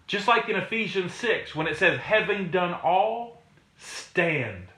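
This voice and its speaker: A man's voice: high-pitched, animated, slow pace, bright, forceful tone. Emphatic preacher man in an echoey room. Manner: emphatic, repetitive, rising to exhortation. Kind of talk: sermon.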